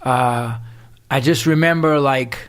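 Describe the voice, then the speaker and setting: A middle-aged man, telling stories from his past in a profane, animated street-talk style during a podcast interview. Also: mid-range voice, slow. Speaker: podcast guest, punk singer. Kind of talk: storytelling in casual interview.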